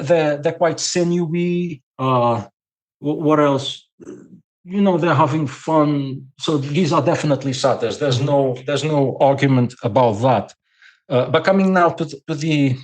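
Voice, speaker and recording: Portuguese-accented man lecturing as a guest. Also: a little high. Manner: lecturing, repeats words while thinking. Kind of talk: podcast conversation.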